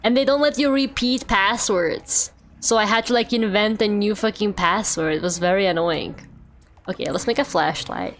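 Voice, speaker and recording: Streaming gameplay, this young woman from Russia talks at a moderate pace and medium pitch, with a bit of noise in the background. Her chat is casual and rambling, heavy on fillers and broken up by frequent laughter.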